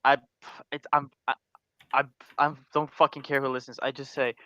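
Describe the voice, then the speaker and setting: A man in a tabletop game speaks with a bright, smooth voice, stumbling through restarts and swearing. The sound is dry and lo-fi, with no room echo. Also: mid-range voice, level tone, moderate pace. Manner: hesitant, swearing, many restarts. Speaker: player.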